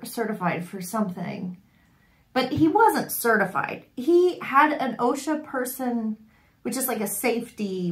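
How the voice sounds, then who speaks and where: Unhurried woman telling wry stories. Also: a little high. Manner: wry and animated, often laughing. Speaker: sewing vlogger. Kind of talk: casual storytelling to camera. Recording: echoey room.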